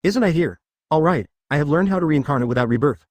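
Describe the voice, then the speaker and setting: A man voicing a blunt, easygoing young male ninja in a machine-read web novel audiobook, with a flat delivery. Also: fairly high pitch, fast talker, dry recording.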